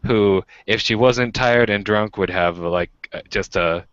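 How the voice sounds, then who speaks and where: A man's voice: a little slow, clear, resonant tone, no echo, highs cut off. A young American man casually telling a story on a live-streamed chat show, acting out what people said with sudden jumps in his voice. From United States. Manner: animated, acts out quoted voices with pitch jumps. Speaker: podcast co-host.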